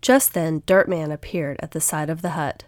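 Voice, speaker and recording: A woman narrating a children's storybook in a steady, clear way on a close mic. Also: deep voice, moderate pace, dry recording. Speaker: audiobook narrator.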